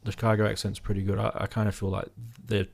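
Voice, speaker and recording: A man hosting a casual chat on a call, relaxed and agreeable, often saying yeah. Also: lowish voice, quick pace, creaky. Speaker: host of a synthesizer channel.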